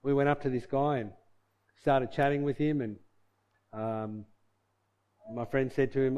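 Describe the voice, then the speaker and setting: A man's voice: mid-range voice, steady tone, a little slow, pauses often, a little mellow, clean tone. A man preaching a sermon, reading scripture and telling a personal story in an earnest, conversational way. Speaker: pastor.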